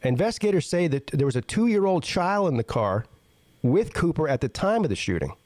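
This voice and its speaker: A man's voice: very animated, a little fast, a little mellow, no echo. Guy reading headlines and reacting, voice swings all over, dry close sound. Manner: reads headlines then reacts with blunt, profane asides; jumps high in pitch when incredulous. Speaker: show host reading news stories. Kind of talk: casual news reading with commentary.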